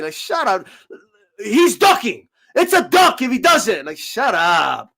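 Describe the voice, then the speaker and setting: High-voiced man ranting about boxing. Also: very animated, normal speed, fairly bright tone. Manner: profane, sarcastic, mocks critics in put-on voices. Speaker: boxing commentator. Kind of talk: ranting commentary.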